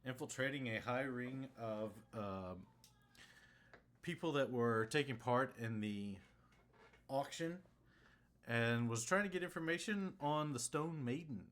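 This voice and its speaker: A man's voice: medium pitch, measured pace, a bit bright. A man hosting a stream and running a tabletop game as game master, talking in a laid-back way with chuckles and loose restarts.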